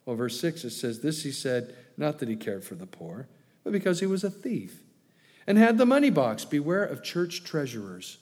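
A pastor preaches in an easy, conversational way, slipping in wry asides and playful acted quotes. His voice sits a little high for a man. The sound carries the long ring of a church hall. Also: sing-song, normal speed, darkish tone. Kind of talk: sermon.

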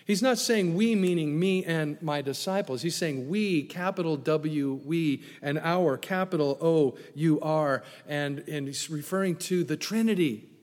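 A man preaching a sermon as pastor, playful and animated, dropping to hushed tones for emphasis. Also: a little high, unhurried, few pauses. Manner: animated, playful asides with sudden hushed drops. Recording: long echo of a large hall.

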